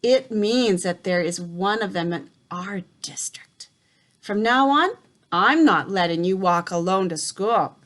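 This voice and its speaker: A woman's voice: medium pitch, lively intonation, measured pace, a bit bright. A woman voicing a caring, protective elderly grandmother in a storybook reading. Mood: grave.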